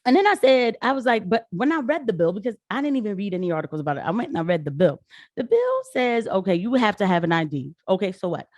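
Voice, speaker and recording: Woman, young adult, casual vlog commentary, sarcastic, animated, dry recording. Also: medium pitch, fast, no room sound. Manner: animated, sarcastic, talks straight to viewers. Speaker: vlogger.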